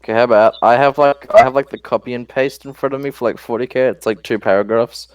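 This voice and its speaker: A man's voice: mid-range voice, fairly even intonation, quick pace, clear, resonant tone, no room sound. A man on a casual podcast call, chatting loosely with fillers and reading a long passage aloud in a dramatic way. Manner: loose, filler-heavy talk with laughs. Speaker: podcast panelist.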